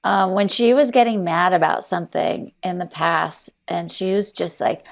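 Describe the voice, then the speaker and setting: Podcast guest, woman with a gravelly edge, teasing banter. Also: lowish voice, normal speed, few pauses. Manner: laughs often, teasing. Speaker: podcast guest, friend of host. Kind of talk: casual chat.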